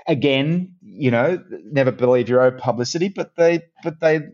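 A middle-aged man with an Australian accent, a guest in a casual interview, telling stories in a chatty, animated way with many restarts. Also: medium pitch, lo-fi sound. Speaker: guest, actor and presenter.

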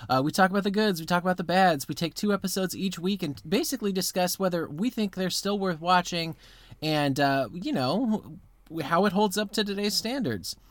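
A man's voice: high-pitched, fairly bright tone, no room sound. A man co-hosting a podcast, talking in an easygoing way with hesitant fillers. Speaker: podcast co-host. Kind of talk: casual chat, show intro.

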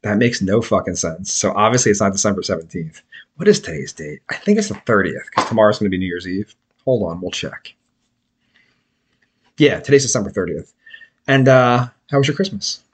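A man's voice: on the low side, animated, brisk, slightly rough. A man hosting a podcast, telling rambling, profane stories full of restarts in casual chat. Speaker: podcast host.

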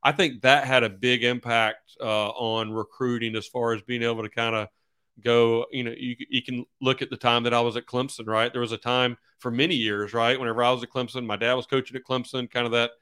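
A man's voice: medium pitch, flat delivery, a little fast, pushed and bright, clean tone. A middle-aged man, a football coach, chatting easygoingly as a podcast guest and acting out quotes in his stories. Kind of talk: casual interview chat.

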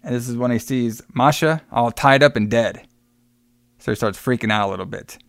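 A man retells a film to a co-host in easy casual chat, slipping into the characters' lines and cursing offhand. His voice is smooth and clear, recorded close and dry. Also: mid-range voice, moderate pace, no echo. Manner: swears casually. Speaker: podcast co-host recapping a film.

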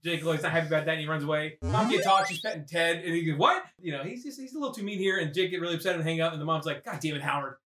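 A man recapping a movie with crude jokes and sudden shouted character voices. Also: on the high side, rapid-fire, few pauses. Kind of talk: rambling comedic movie recap. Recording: echoey room, far from mic.

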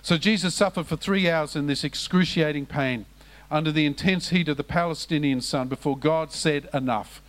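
Male pastor, sermon, fairly high voice, impassioned, hushed lows, emphatic raised cries. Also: normal speed.

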